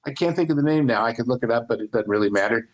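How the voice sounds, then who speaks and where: A man's voice: mid-range voice, rapid-fire. A man co-hosting a podcast, chatting casually about films in long, rambling anecdotes full of asides. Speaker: podcast co-host. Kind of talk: casual film discussion.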